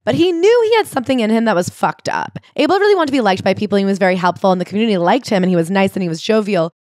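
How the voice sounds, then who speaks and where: A woman's voice: medium pitch, animated, racing, a little mellow, no echo, clean studio sound. A woman co-hosting a casual book-club podcast, animatedly retelling a memoir with swearing. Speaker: podcast co-host.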